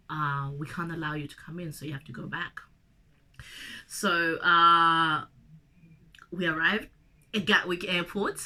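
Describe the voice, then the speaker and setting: A woman's voice: lowish voice, sharp tone. A young woman from Zimbabwe with a cold, telling a personal story to camera in a chatty, emotional way. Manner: chatty and emotional, addresses viewer directly. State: has a cold. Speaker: vlogger.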